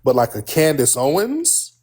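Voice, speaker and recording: Man, livestream host, husky voice, blunt and combative, argues over callers. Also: a little high, wildly swooping pitch, measured pace, darkish tone. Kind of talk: heated live-stream call-in debate.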